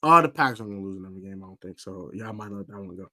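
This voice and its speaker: Speaking very fast in a deep voice, this sports podcast host runs a live-stream football preview. His delivery is emphatic and animated, full of fillers and repeated lines for emphasis.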